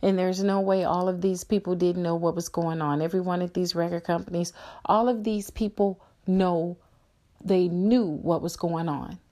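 A woman's voice: lowish voice, steady tone, moderate pace, warm tone. A middle-aged woman hosting a solo podcast, ranting in an angry, blunt and profane way. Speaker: podcast host.

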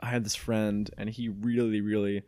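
A man's voice: on the low side, little pitch movement, moderate pace, dark tone, no room sound. A young man from Mexico hosting a podcast, telling a story in casual chat. He talks animatedly, laughs often and swears freely. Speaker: podcast host.

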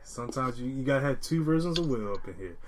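A man's voice: mid-range voice, animated, fast talker, rough recording. A man hosting a casual podcast chat, laughing often and trailing off mid-sentence. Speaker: podcast host.

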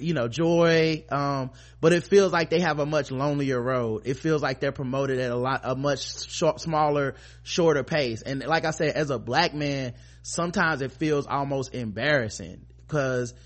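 A man's voice: fairly high pitch, a bit bright. A man hosting a podcast, talking in a rambling, impassioned and profane way. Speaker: podcast host. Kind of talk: casual podcast commentary.

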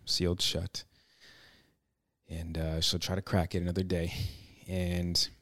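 Man, very deep voice, dry close sound, reflective personal storytelling, halting restarts. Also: no room sound.

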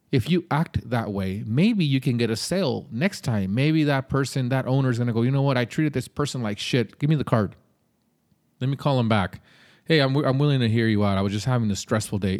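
A man's voice: mid-range voice, darkish tone. A man hosting a podcast, giving casual advice in a blunt, conversational way with some mild swearing. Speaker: podcast host.

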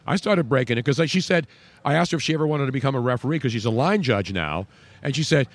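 A male sports radio host talking casually with a co-host. He rambles and jokes at a mid-range pitch. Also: animated, fast talker. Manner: chatty, jokey, rambling.

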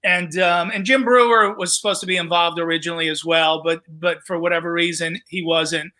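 A man's voice: a little high, a little fast. A man, a comedian and show host, telling a story in casual podcast talk and acting out the voices of the people in it. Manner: animated storyteller, acts out quoted voices.

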